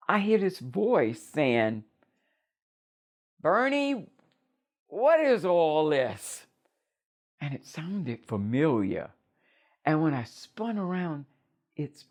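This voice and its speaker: An older woman recounting a personal story in a measured, reflective way. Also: rumbling low, a little mellow.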